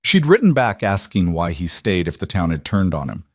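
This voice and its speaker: A man reading a frontier story as the narrator, steady and measured. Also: deep voice, dry recording, studio quality. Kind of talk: scripted narration.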